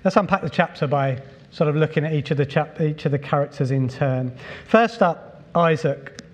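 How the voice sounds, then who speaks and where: A middle-aged man preaching a sermon as pastor, relaxed and conversational, with many fillers and repeats. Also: fairly high pitch, moderate pace. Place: church hall. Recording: long reverb from a large hall.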